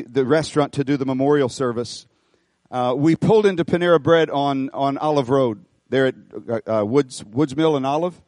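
A middle-aged man pastoring a church, preaching an animated sermon, folksy and full of repeated phrases as he tells a story. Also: mid-range voice, dry recording, studio quality. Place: church auditorium.

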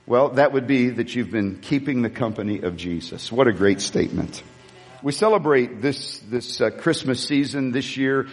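A man preaching a sermon as pastor, rousing the congregation to shout and praise. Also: medium pitch, expressive, normal speed. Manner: rousing, calls the crowd to shout. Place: church sanctuary. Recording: long hall reverb with soft music.

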